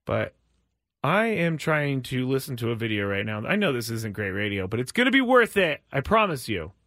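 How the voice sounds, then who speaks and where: A man hosting a sports talk show, chatting casually and rambling with frequent restarts and sudden jumps in pitch. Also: sing-song, normal speed, a bit bright, no echo, clean studio sound. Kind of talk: casual chat.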